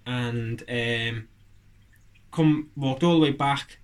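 A man's voice: medium pitch, extremely slow. A man chatting on a podcast, rambling and joking with lots of fillers and restarts. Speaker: podcast co-host. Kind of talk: casual chat.

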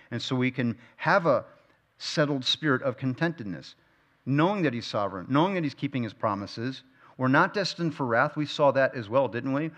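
A man's voice: medium pitch, fairly bright tone, lo-fi sound. A man teaching a verse-by-verse Bible study. He keeps asking his listeners questions and repeats key phrases for emphasis. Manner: asks the listeners frequent rhetorical questions.

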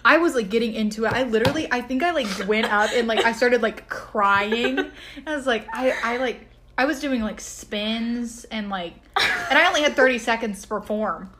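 A woman's voice: fairly high pitch, normal speed, bright, forceful tone, slight background noise. A young woman co-hosting a casual podcast, gushing and joking with big dramatic exaggeration. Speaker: podcast co-host. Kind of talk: casual chat.

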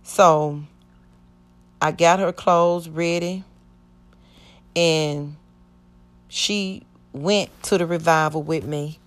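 Lower-voiced woman telling her testimony. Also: steady tone, very slow, pauses often. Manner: earnest, rambling, acts out quoted speech. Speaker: church member giving testimony. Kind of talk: personal testimony storytelling.

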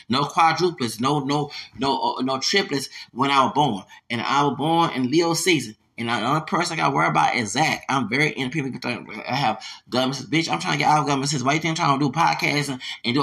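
Gravelly angry man ranting. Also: medium pitch, pushed and bright. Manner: profane, confrontational, repetitive. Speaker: podcast host.

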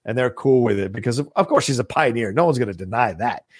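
A man's voice: medium pitch, animated, fast, slightly rough, dry recording, clean studio sound. A man co-hosting a podcast over a video call, chatting casually, rambling and swearing. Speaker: podcast co-host. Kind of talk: casual chat.

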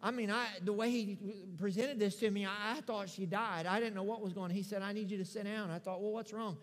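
Man, pastor, middle-aged, American, sermon storytelling, very high voice, big echoing church hall, loud-to-hushed delivery. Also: a little fast. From United States. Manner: animated storyteller, acts out dialogue, swings from loud to hushed. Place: church sanctuary. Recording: long reverb of a large church hall.

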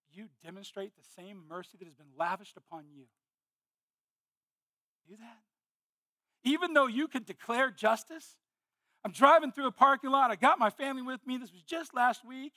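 A man preaching a sermon, moving between earnest teaching and animated, exclamatory storytelling with sudden loud bursts. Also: extremely high pitch, no echo, clean studio sound. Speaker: pastor.

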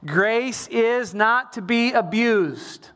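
Middle-aged pastor guy preaching, animated, keeps repeating for emphasis. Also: very high voice, extremely slow. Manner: animated preaching with sung lines and emphatic repetition. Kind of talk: sermon.

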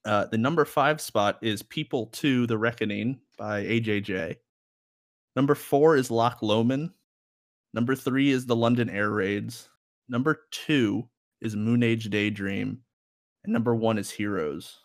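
Clean studio sound with no room tone carries a young man's medium-pitched voice as he co-hosts a podcast at a measured pace. The chat is casual, and he often rambles and laughs.

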